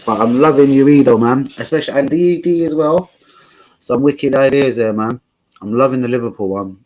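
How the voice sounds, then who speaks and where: A man's voice: medium pitch, a little mellow, slight background noise, poor audio. A man, hosting a casual live stream and chatting with viewers in a laid-back, slangy way, swearing often. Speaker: streamer and channel host.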